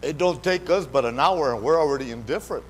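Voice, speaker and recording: A man's voice: on the high side, fast. A man preaching a live church sermon, fervent and repetitive, calling out to the congregation in a call-and-response way. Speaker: pastor. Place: church sanctuary. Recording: reverberant hall, faint background noise.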